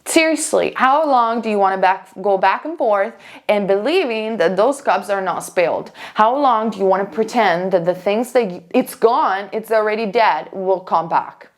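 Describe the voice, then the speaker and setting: A woman's voice: mid-range voice, animated, moderate pace. A woman giving a casual pick-a-card tarot reading as a psychic, chatty and emphatic, with fillers and restarts.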